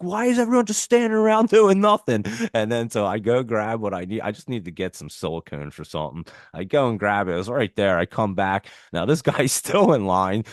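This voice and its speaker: A middle-aged man with a lowish voice tells a story casually on a live stream, rambling and restarting as he goes. He laughs often and swears freely. The sound is close and dry, with no room around it. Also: no room sound. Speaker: stock market show host.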